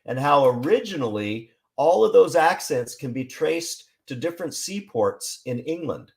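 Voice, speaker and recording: A man from Seattle, a songwriter and writer, talking on a podcast in a measured, explanatory way. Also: on the high side, very animated, vocal fry, a little mellow. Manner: measured, explanatory, with frequent restarts. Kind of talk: casual interview chat.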